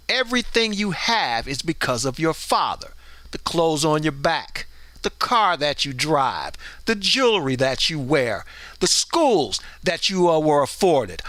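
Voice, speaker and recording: Brief: man, middle-aged, opinion show host, emphatic and lecturing, bright tense tone. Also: high voice, no room sound. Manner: preachy, blunt and emphatic, acts out voices in stories. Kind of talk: opinion commentary monologue.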